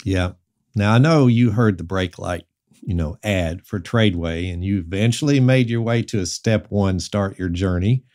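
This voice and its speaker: A man with a Southern US accent, a pastor hosting a casual podcast interview, relaxed and folksy with many fillers. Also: deep voice, normal speed. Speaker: podcast host.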